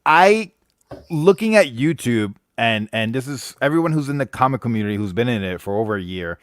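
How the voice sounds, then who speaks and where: A man's voice: medium pitch, big pitch swings, brisk, no echo, studio quality. A man from the United States hosting a casual live stream, greeting chat members and rambling with frequent restarts.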